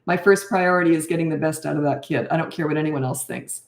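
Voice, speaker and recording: A woman's voice: sits low, quick pace, creaky, echoey room. An older woman and parenting coach answering viewer questions in a frank, blunt, self-mocking way.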